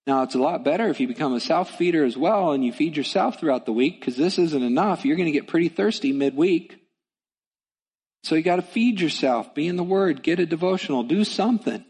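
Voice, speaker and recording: A man's voice: on the high side, a little mellow, husky, long reverb tail. A male pastor preaching a sermon in a church, with an emphatic, repetitive cadence.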